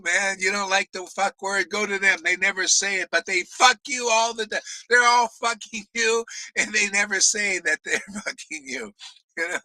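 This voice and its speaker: A man teaching a spiritual class outdoors in a desert, delivering a fiery, profane sermon, scolding listeners, often laughing and shouting. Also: high voice, dry recording, rough recording.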